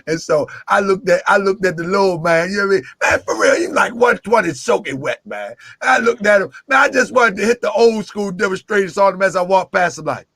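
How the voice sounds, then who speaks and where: Animated, gravelly high-voiced storytelling man. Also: fairly quick, few pauses, dry recording. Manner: lively, jokey, acts out quoted voices, laughs often.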